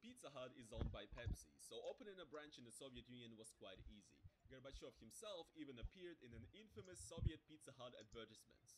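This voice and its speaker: A man's voice: mid-range voice, lively intonation, fast, few pauses, background noise. A man narrating a video essay in a chatty, informal way, with asides to the viewer.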